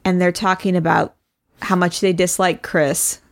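A woman's voice: fairly low pitch, flat delivery, a little slow. Chatty woman recapping a show. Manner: chatty, laughs often, many fillers, quotes people in put-on voices. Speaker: podcast co-host. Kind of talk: casual chat recapping a reality show.

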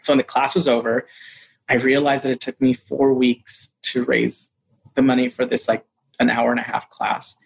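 A man, an actor being interviewed, telling a personal story in a lively, casual way. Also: mid-range voice, normal speed, gravelly, slightly rough, poor audio. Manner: animated, acts out quoted voices. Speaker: actor guest.

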